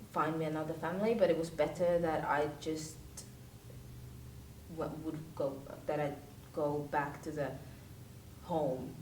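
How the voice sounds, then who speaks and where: A young woman acting as an earnest teenage orphan girl, telling her story to a friend in a rambling, hesitant vlog style. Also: lightly acted. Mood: wistful. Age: teens. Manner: rambling, hesitant, full of restarts and fillers. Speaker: actor in a vlog-style web series. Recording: roomy sound from a distant mic, faint rumble.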